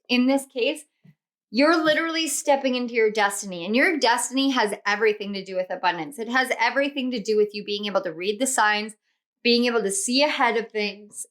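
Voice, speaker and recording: A woman with a fairly high voice gives a casual tarot reading to camera. She gushes with affection and circles back to the same encouragements again and again. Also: a bit bright. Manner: effusive, affectionate, repeats encouragements. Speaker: tarot reader.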